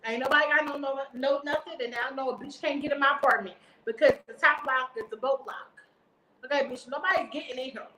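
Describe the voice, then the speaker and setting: A woman spins a storytime vlog, brash, profane and animated. Her voice sits high and rings bright and sharp. The sound carries an echoey room with faint ambience underneath. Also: fast, slight background noise. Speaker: vlogger. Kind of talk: storytime vlog, casual chat.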